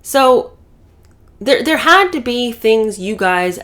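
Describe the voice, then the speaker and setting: Animated sarcastic woman commentator. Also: fairly high pitch, slow. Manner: animated, sarcastic, many fillers. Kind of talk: casual commentary.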